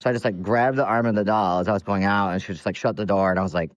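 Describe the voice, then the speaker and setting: A man with a lowish voice tells a story in a loose, rambling way. He fills it with "like" and "um". The sound is dry and close. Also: fairly even intonation, very fast, dry recording. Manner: rambling, many fillers like "like" and "um". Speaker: listener telling a story. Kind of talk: casual recorded storytelling.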